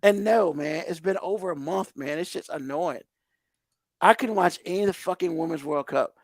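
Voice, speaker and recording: A man's voice: high voice, lively intonation, a little fast, no echo, studio quality. A man hosting a podcast, ranting in heated, profane exasperation. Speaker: podcast host.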